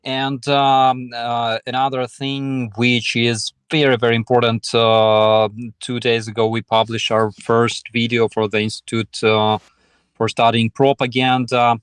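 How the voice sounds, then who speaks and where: Slow, hesitant man on a video call. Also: mid-range voice, level tone, clean tone, no room sound. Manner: slow and hesitant, many pauses and fillers. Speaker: guest. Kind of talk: casual chat on a video call.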